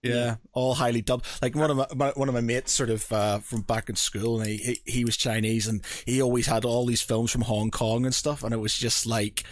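A man chatting casually on a podcast, telling stories with lots of laughter and excited asides. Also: medium pitch, brisk, hardly any pauses, no echo, clean studio sound. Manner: animated, laughs often, excitable storytelling. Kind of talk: casual chat.

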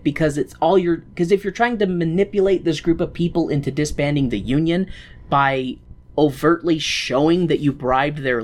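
A host from the Midwestern United States giving a sarcastic, joking recap of a story's plot. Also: mid-range voice. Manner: sarcastic, jokey, slips into voices.

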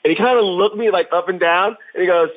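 A man's voice: high-pitched, fast talker, phone-quality sound. A man chatting as a guest on a podcast, telling stories with lots of laughter. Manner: animated storyteller, laughs often. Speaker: podcast guest, professional drummer. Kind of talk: casual interview chat.

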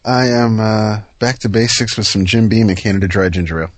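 A man co-hosting a podcast, teasing the others with quick jokes. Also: fairly low pitch, dry recording. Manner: teasing joker. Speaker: podcast co-host. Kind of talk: casual chat.

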